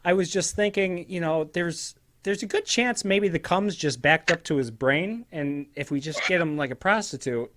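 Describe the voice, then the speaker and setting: A man's voice: fairly high pitch, fairly bright tone. A man co-hosting a podcast, talking hesitantly with fillers and making crude jokes in casual chat. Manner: hesitant, drawn-out, crude humor.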